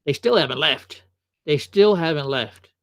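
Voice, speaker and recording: A man hosts a livestream, reacting to clips with casual, offhand remarks. His voice sits a little high. It is recorded close and dry. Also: lively intonation, unhurried, fairly bright tone, no echo. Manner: chatty, offhand asides. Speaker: livestream host.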